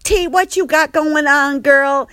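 A woman's voice: high voice, fairly even intonation, slow pace, bright, forceful tone, no room sound, clean studio sound, voice pushed up, exaggerated voice. A woman imitating a sassy male staff member who bosses people around and calls them honey and girl. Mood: exasperated. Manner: bossy, exasperated, calls everyone honey and girl.

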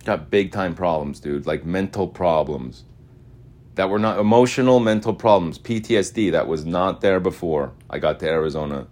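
A man from Utah rambling through a casual monologue. He swings between loud, repetitive chanting and low, mumbled asides. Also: moderate pace. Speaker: podcaster.

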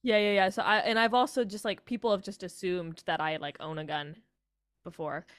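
A woman's voice: mid-range voice, fairly even intonation, fairly quick, no echo. Young American woman, rambly guest, chatty, dry close recording. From Colorado, United States. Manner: rambling, heavy "like" fillers, acts out quoted voices. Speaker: interview guest, music student. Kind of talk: casual chat.

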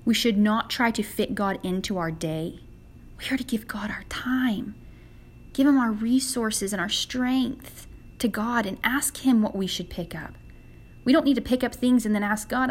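A woman's voice: fairly high pitch, normal speed. A young woman hosting a devotional podcast for women, speaking in an earnest, conversational way. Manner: earnest and conversational, acts out quoted prayers. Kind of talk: casual devotional talk.

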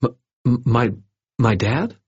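A man voicing a frightened young boy who stammers and talks quietly. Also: fairly low pitch, moderate pace, vocal fry, slightly rough, no room sound, highs cut off, pitched above the performer's own voice, full character voice. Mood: timid.

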